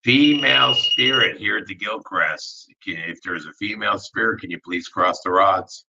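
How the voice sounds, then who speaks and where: A man with a deep but bright, forward voice leads a dowsing-rod spirit session. He speaks in slow, polite requests separated by long pauses. When he is moved, his voice turns soft. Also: vocal fry, lo-fi sound. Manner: gets emotional and soft-spoken. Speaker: ghost hunter.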